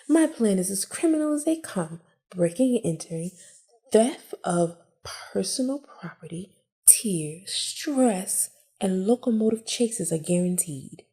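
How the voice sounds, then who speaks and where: Gal doing a vengeful young schemer from a cafe game, theatrical and gleeful, kinda gravelly and mellow. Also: female voice, medium pitch, lively intonation, measured pace. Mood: gleeful scheming.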